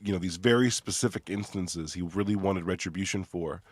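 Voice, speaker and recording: Man, podcast host, very deep voice, soft-spoken, hesitant, dry sound. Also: brisk, no room sound. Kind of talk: casual podcast conversation.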